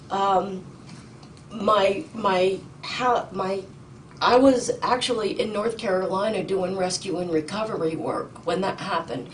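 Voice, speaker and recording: A middle-aged woman testifying in a courtroom, urgent and indignant, halting with ums and restarts. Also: medium pitch. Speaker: petitioner in court. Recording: distant mic with faint noise.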